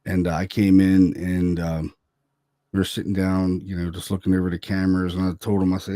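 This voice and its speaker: A man's voice: sits low, flat delivery, brisk, mellow, no echo, studio quality. A man, a paranormal investigator, telling a story in a loose, chatty way, full of "man" and "you know". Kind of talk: casual storytelling.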